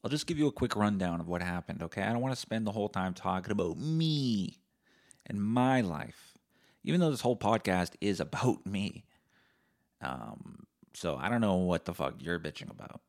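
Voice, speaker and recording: Man, 30s, podcast host, somewhat low voice, sardonic, profane, casual solo rant. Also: animated, normal speed. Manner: sardonic, profane, swings into loud mock-angry outbursts.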